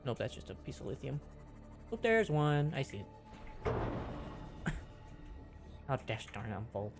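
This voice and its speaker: A man's voice: medium pitch, big pitch swings, a little slow, vocal fry, music in the background. A man streaming a game, talking casually to himself with mild minced oaths. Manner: chatty self-talk with mild minced oaths. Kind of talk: casual gameplay commentary.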